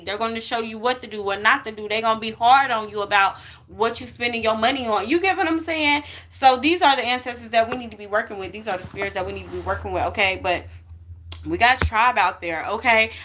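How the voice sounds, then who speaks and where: Bright-voiced woman giving a chatty reading. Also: fairly high pitch. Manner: chatty, emphatic, keeps saying okay and y'all. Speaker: spiritual card reader. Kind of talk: casual spiritual reading to viewers.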